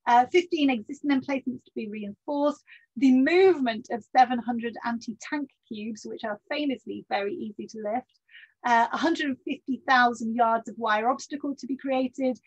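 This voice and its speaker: A woman delivers a history lecture in a higher-pitched, slightly husky voice, steady and measured, with many ums and the odd dry aside. The sound is dull and lo-fi. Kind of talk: public history talk.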